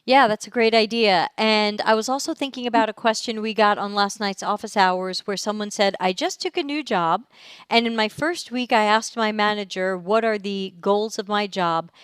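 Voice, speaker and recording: A woman's voice: mid-range voice, moderate pace, fairly bright tone, clear, resonant tone, no room sound. A woman hosting a podcast, talking casually with a guest and using plenty of fillers. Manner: chatty, many fillers. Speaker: podcast host.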